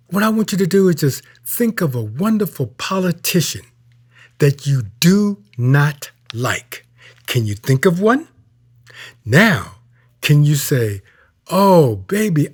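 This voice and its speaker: A man giving a sermon as minister, slow and emphatic, dropping to a hushed tone for prayer. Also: sits high.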